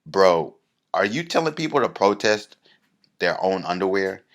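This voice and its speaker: A man's voice: low-pitched, very animated, a little slow. A man voicing a blunt young guy heckling from a crowd in a comedy story.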